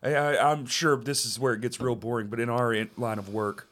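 A man's voice: medium pitch, fairly even intonation, fairly quick, fairly bright tone. A man hosting a podcast in casual chat, chatty and blunt with plenty of swearing. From Arkansas, US. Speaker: podcast host.

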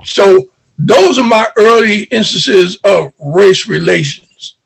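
An older man from New York recounting childhood memories as an interviewee, an animated storyteller who acts out remembered dialogue. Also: high-pitched, slow pace, vocal fry, breathy edge.

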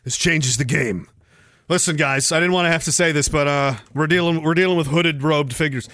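A man's voice: a little high, fairly even intonation, fast talker, a bit bright, smooth, no echo, clean studio sound. A man hosting a livestream, telling a story in a crude, joking way and laughing often. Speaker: podcast host. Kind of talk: casual livestream chat.

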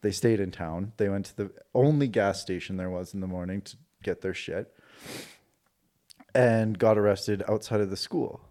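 A Canadian man, a podcast guest, recounts a personal experience in a lowish voice at normal speed. His telling is casual, profane, and animated, and he acts out the dialogue.

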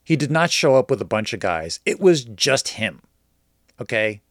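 A man's voice: medium pitch, normal speed, no room sound, clean studio sound. A man telling a story casually and with energy, acting out the lines of the people in it. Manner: animated, acts out quoted dialogue.

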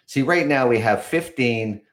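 With a medium-pitched, animated yet unhurried voice, a Canadian podcast host in his fifties chats casually on a live show. He chuckles often, sounds exasperated, and rambles, restarting as he goes.

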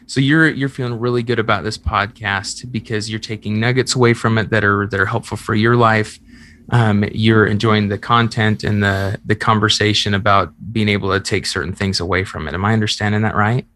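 Fairly low-pitched and a bit bright, his steady voice moves a little fast. He's a podcast host and relationship coach who explains concepts earnestly and conversationally through examples he performs.

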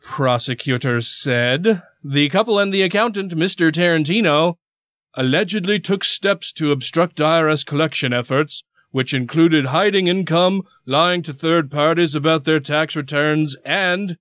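A man's voice: on the high side, a little slow, fairly bright tone, dry recording, muffled recording. A man co-hosting a casual podcast, reading news articles aloud and adding sarcastic asides. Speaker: podcast co-host.

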